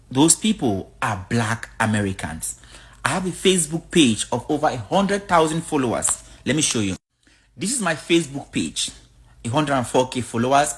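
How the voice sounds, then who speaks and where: An African woman vlogger addresses her viewers directly in a casual video. She's blunt and outspoken, and her pitch jumps around a lot from one line to the next.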